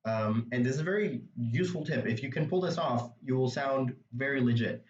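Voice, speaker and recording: A man's voice: medium pitch, a little fast, distant mic, muffled recording, slight background noise. Man explaining patiently in a roomy room. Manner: patient, step-by-step explaining with frequent asides. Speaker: Arabic dialect teacher. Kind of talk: explaining a reading passage.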